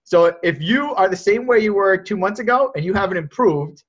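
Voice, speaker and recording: Direct male sales coach on a call; high-pitched, muffled low-fi sound. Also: lively intonation, a little fast. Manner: blunt, direct, repeats words when he starts a thought. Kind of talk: coaching on a group video call.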